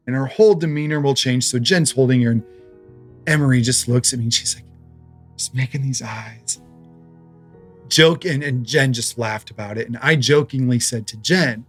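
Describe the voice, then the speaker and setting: A man's voice: medium pitch, moderate pace, soft background music. A man in his thirties preaching a sermon as pastor, in a conversational way, telling stories with humor.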